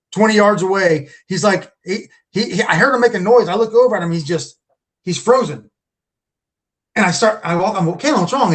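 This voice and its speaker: A man guesting on a podcast, telling a story casually, repeating and restarting his words as he goes. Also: high voice. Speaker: podcast guest, Bigfoot researcher.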